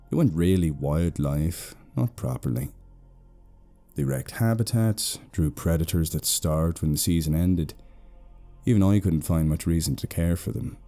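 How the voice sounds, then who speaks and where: A British man narrating a horror story slowly, in a hushed tone. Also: deep voice.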